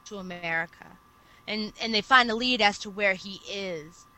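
A woman co-hosting a casual podcast, retelling an anime plot at length in an animated storytelling manner. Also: medium pitch, normal speed, low-quality recording. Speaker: podcast co-host. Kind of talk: casual chat.

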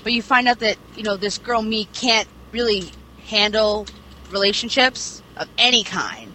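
A woman's voice: mid-range voice, animated, normal speed, pushed and bright, rough recording. A young woman casually retelling a story with lots of fillers and asides, swearing freely. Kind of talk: casual chat, retelling a series plot. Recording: clear background noise.

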